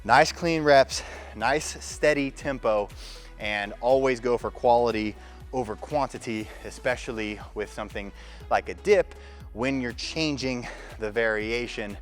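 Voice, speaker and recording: Male fitness coach, mid-pitched, talks through exercises mid-set in a gym, faint music underneath. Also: unhurried. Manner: talks while demonstrating exercises, coaching cues. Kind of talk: casual workout instruction.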